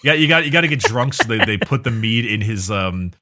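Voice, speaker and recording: A man's voice: fairly low pitch, lively intonation, fairly quick, sharp tone. A man co-hosting a podcast, telling stories with enthusiasm in a rambling, casual way. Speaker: podcast co-host. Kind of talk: casual chat.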